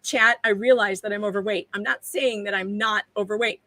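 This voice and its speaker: A woman's voice: medium pitch, steady tone, a little fast, bright, forceful tone, no echo, poor audio. A woman chatting as a guest on a livestream, self-deprecating and laughing often. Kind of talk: casual livestream chat.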